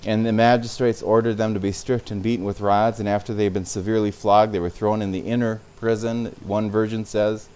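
Low-voiced man preaching a sermon. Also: flat delivery, fairly quick, hardly any pauses, darkish tone, smooth. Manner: conversational preaching with repetitions. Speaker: pastor.

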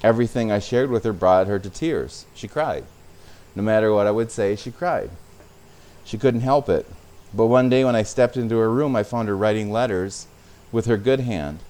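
A man's voice: fairly low pitch, normal speed, a little mellow. A man preaching a sermon as a pastor, speaking conversationally and sometimes repeating words.

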